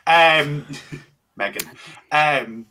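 A man's voice: a little high, animated, very slow, pushed and bright, slight background noise. A British man hosting a casual podcast chat, introducing guests with teasing jokes. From Britain. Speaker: podcast host.

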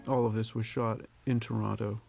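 A man in his sixties, a film director giving a reflective, measured audio commentary. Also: fairly low pitch, flat delivery, gravelly, music in the background. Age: 60s. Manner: reflective, measured, with pauses and restarts.

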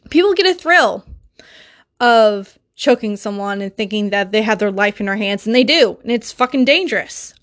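A woman's voice: a little high, fairly bright tone. A young woman hosting a solo podcast, talking in an emotional, insistent way and swearing often. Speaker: podcast host.

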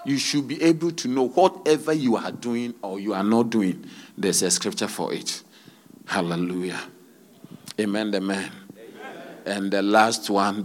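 Preaching pastor calling out hallelujahs. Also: male voice, lowish voice. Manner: preaching with frequent hallelujahs and rhetorical questions. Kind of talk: sermon.

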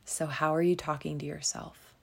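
A woman's voice: sits low, flat delivery, normal speed, creaky, breathy edge. A woman hosting a reflective self-help podcast, speaking in a soothing, encouraging way and sometimes dropping to a whisper. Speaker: podcast host.

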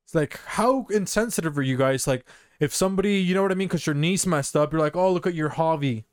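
A man's voice: a little high, quick pace, no room sound. Rambling podcast guy, dry close sound. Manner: rambling, says "you know what I mean" constantly. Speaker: podcast co-host. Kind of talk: casual banter.

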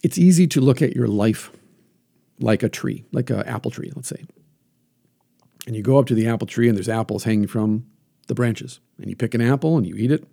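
A man hosting a solo talk, coaching the listener earnestly and putting questions to himself out loud. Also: medium pitch, fairly quick, gravelly. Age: adult, teaches classes. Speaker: podcast host.

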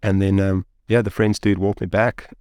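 A man, a guest telling a story in an interview, rambling and animated with lots of fillers like "like" and "you know". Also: sits low, normal speed, no echo, studio quality.

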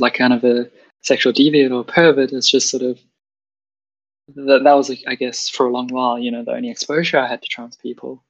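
A woman's voice: very deep voice, dull audio. A trans woman from South Africa with a South African accent, chatting casually and hesitantly, with many fillers and restarts. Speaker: guest. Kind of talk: casual chat. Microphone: video call.

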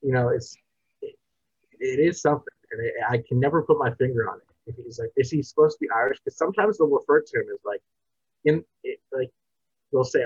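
A man co-hosts a casual movie review podcast, rambling, restarting sentences and trailing into a mumble at the ends. His mid-range voice is husky and quick, recorded dull and dry on a podcast mic with no echo.

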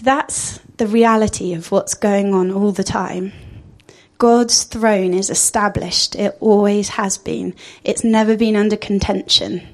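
A woman's voice: medium pitch, fairly even intonation, measured pace. A woman giving an informal sermon, chatty and thinking aloud with frequent fillers. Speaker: speaker giving a church talk.

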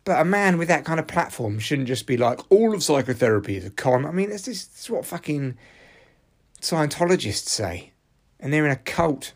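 A man's voice: on the high side, expressive, normal speed. A man hosting a solo podcast, ranting and swearing freely with frequent restarts. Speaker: podcast host.

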